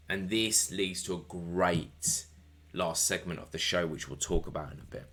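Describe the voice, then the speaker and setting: A man's voice: low-pitched, normal speed, a bit bright. Enthusiastic man reviewing wrestling. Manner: enthusiastic, rambling, swears casually. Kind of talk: solo review podcast.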